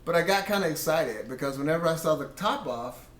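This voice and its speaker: A man's voice: a little high, lively intonation, fairly quick, fairly bright tone, reverberant. A man sharing a casual Christian testimony about his marriage in an earnest storytelling way, quoting himself and his wife.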